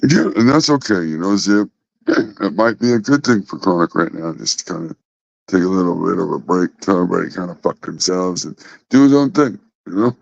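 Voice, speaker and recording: A man's voice: sits low, expressive, a little fast, vocal fry, no echo. A man hosting a casual livestream, rambling and swearing as he talks back to his chat. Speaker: livestream host. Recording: dull, lo-fi dry sound.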